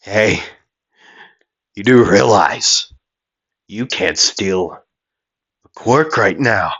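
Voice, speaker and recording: A man's voice: fairly low pitch, expressive, extremely slow, fairly bright tone, husky, exaggerated voice. A man doing a cocky young hero, mocking. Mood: taunting. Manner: mocking, goading. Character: cocky young male hero, taunting, laughing. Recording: dull lo-fi audio.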